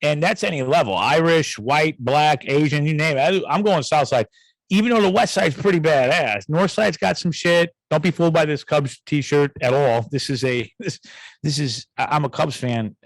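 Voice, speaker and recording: A man's voice: on the high side, moderate pace, no room sound, poor audio. A man, hosting a podcast and telling a rambling, profane story full of asides. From south suburbs of Chicago, USA. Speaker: podcast host. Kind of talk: casual storytelling rant.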